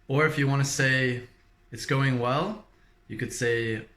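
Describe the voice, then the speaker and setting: A man giving a casual language lesson, explaining French greetings and repeating each phrase slowly for learners. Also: mid-range voice, steady tone, a bit bright, roomy sound.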